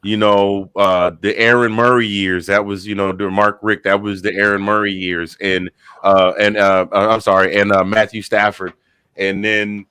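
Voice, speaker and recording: A man in his fifties, an excited podcast guest, telling stories and acting out quotes, short on sleep. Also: on the low side, moderate pace, clean tone, no echo. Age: 50s. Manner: animated storyteller who acts out quotes. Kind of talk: excited casual chat.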